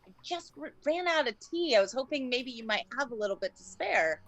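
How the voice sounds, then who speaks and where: Brief: a woman as a hesitant, polite old neighbor woman, a touch higher. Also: lively intonation, brisk, fairly bright tone, soft background music. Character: old female neighbor who walks with a stick.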